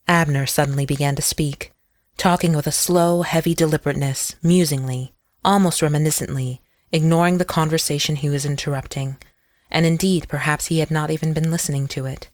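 An audiobook narrator telling a novel in a measured, descriptive manner. The voice sits at a middle pitch, and the recording is dry and close with no room echo. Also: fairly even intonation. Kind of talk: scripted narration.

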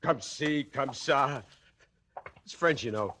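A man's voice: medium pitch, slow, bright, forceful tone, a little hiss or hum. An actor playing a condemned male killer in a radio drama, talking tough-guy slang and pressing others with taunting questions. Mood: swaggering. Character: condemned male killer, boastful, cracking under fear. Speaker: prisoner. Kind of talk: 1940s radio acting.

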